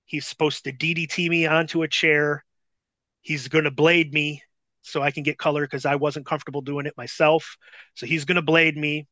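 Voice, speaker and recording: A man recounts a wrestling story in a casual, profanity-laced, animated way. His voice sits high with a bright, forward tone. The recording is dry and close. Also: normal speed, no echo. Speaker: podcast guest, former wrestler. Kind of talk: casual anecdote telling.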